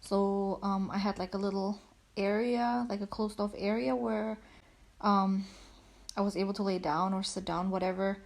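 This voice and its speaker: A woman's voice: medium pitch, fairly even intonation, normal speed, creaky. A young woman chatting casually at home, a little out of breath, rambling with lots of "like"s. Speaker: vlogger. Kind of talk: casual chat. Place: at home on a couch.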